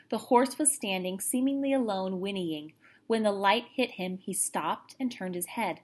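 A woman's voice: mid-range voice, moderate pace. Woman reading a storybook aloud. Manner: expressive, lively narration.

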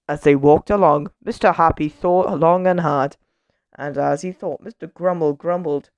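A woman reading a children's picture book aloud in a gentle, expressive storytelling manner. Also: low-pitched, normal speed, dry recording.

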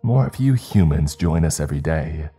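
A man's voice: a bass voice, animated, moderate pace, dark tone, faint music behind. A man voicing a mocking, spiteful inhuman woman who leads a band of killers. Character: taunting inhuman female killer leader.

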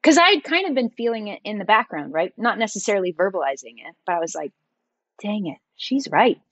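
A middle-aged woman, a podcast guest, telling her story in a lively conversational way. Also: mid-range voice, fast talker, no room sound. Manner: animated, acts out quoted dialogue in her stories. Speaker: podcast guest, entrepreneur and designer.

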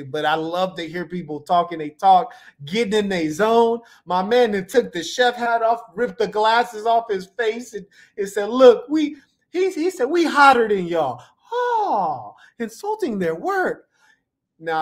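Playful slang-talking man hosting a stream. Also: fairly high pitch. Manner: laid-back, playful, slang-heavy. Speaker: livestream host. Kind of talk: casual live reaction commentary.

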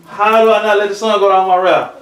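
Man, church elder; animated conversational preacher, high pitch, recorded from a distance. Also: quick pace. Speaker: church elder teaching a lesson. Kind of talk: preaching a Bible lesson. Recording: roomy echo, from far off the mic.

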